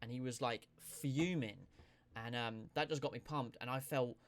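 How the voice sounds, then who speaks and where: A young man reacting to footage of his own boxing match, giving animated, self-critical play-by-play. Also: mid-range voice, normal speed. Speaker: boxing video creator. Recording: noticeable background noise.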